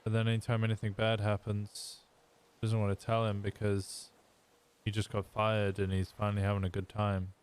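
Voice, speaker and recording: Man playing a low-voiced, deadpan one-armed man, easygoing and dry. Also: normal speed, clean tone, close to an everyday voice. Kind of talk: improvised role-play chat.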